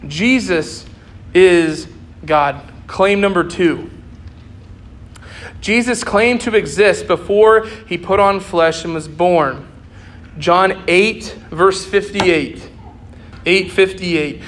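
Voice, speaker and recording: Young man, high voice, earnest sermon, repeats phrases for emphasis. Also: slow, a bit bright. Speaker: preacher.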